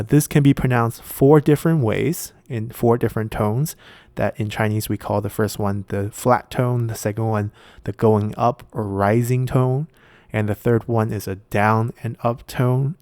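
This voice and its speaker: A man's voice: on the low side, steady tone, normal speed, vocal fry, darkish tone, no room sound. A man hosting an explanatory video lesson, explaining patiently and step by step with frequent filler sounds. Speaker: video essay host.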